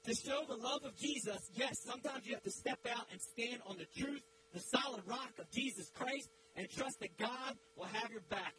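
A man preaching in church, telling a dramatic story and building to loud, emphatic peaks. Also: very high voice, moderate pace, few pauses, a little hiss or hum, poor audio. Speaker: guest preacher. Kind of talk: sermon with storytelling.

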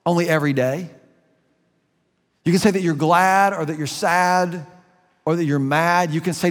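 A man's voice: fairly high pitch, steady tone, moderate pace, pauses often. Earnest male pastor in a reverberant hall. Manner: conversational, earnest, varies pace for emphasis. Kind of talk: sermon. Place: church sanctuary.

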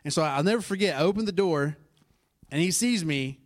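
A man, preaching a sermon in a conversational, animated storytelling way with asides to the congregation. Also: fairly high pitch, brisk. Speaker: pastor.

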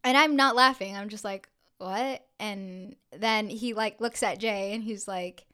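A young woman, a podcast co-host, telling an anecdote in casual chat, animated and full of swearing, acting out quotes with lots of "like". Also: mid-range voice, measured pace, clean tone. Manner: animated, swears a lot, acts out quotes with filler "like".

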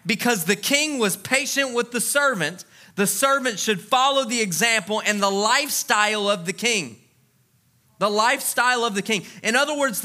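High, bright-voiced preacher man. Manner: conversational preaching with asides and repetitions. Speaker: pastor. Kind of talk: sermon.

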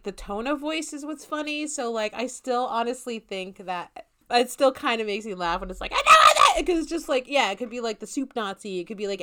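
A young adult woman co-hosting a podcast in casual chat, chatty and laughing often, with lots of fillers. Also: mid-range voice. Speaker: podcast co-host.

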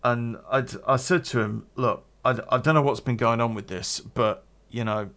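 A man's voice: mid-range voice, moderate pace, fairly bright tone. A man telling a story from his past in a casual, rambling way, with restarts and swearing.

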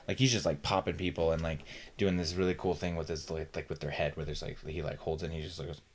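A man's voice: deep voice, level tone, fast, a little hiss or hum. A man co-hosting a podcast, telling stories in a rambling way with many fillers and restarts. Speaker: podcast co-host. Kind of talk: casual chat.

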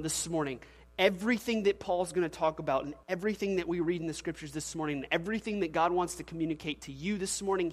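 A man in his thirties preaching a sermon as pastor, telling stories with laughs and acted quotes. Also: fairly high pitch. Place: church sanctuary. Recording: long church reverb.

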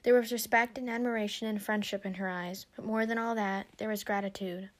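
A woman narrating a story aloud in a steady storybook reading. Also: mid-range voice, fairly quick.

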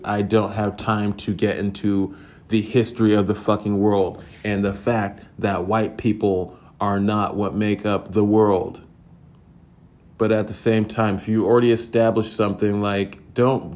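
A man's voice: fairly low pitch, a little mellow. A man hosting a podcast, ranting casually in a profane, exasperated, rambling way. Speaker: podcast host. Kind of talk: casual opinion rant.

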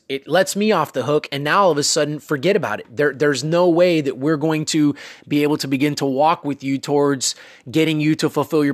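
A man's voice: a little high, dry recording, clean studio sound. A man hosting a casual motivational talk, coaching listeners in a conversational way with many fillers and asides. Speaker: self-improvement podcast host.

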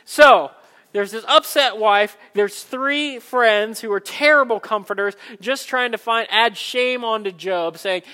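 A man preaching a sermon, animated and conversational, acting out the people in the story in quick asides. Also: high voice, in a large hall. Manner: animated, acts out Bible characters in quick asides. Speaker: pastor.

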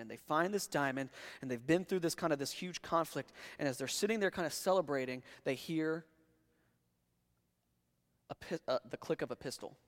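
A man's voice: medium pitch, in a large hall. A young man preaching a sermon, talking conversationally with restarts and building to emphatic peaks. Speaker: pastor.

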